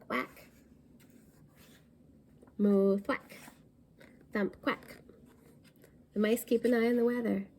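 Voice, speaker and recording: Brief: woman storytime reader, mellow and a bit gravelly, reads a picture book aloud and explains words to kids. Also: mid-range voice. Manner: pauses to explain words for young listeners.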